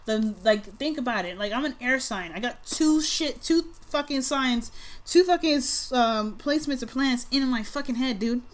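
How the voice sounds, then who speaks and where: A woman giving a casual tarot reading to her viewers. She speaks bluntly, swears freely, and swings between soft musing and loud outbursts. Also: high-pitched, expressive, normal speed. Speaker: tarot reader.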